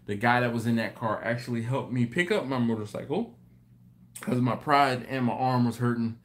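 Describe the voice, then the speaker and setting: A man hosting a live stream, telling a story in an animated, rambling way with many restarts. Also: medium pitch, moderate pace. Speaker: host. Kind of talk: casual live-stream chat.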